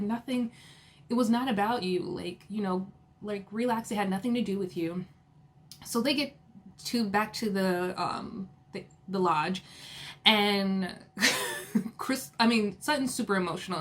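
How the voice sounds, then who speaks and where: A woman casually recapping a reality TV episode, retelling the drama with laughs, quick asides and lively quoted lines. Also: mid-range voice. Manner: animated retelling, quoting others with laughs and asides.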